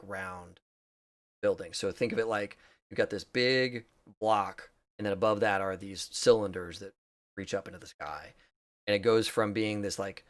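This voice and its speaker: A man running a tabletop role-playing game as game master, describing scenes in a halting way with many fillers. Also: lowish voice, dry recording.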